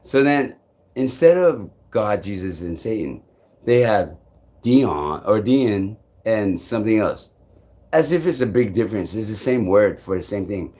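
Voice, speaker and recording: A man vlogging on a live stream. He rambles restlessly and swears often, jumping between loud outbursts and low mutters. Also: very animated, normal speed.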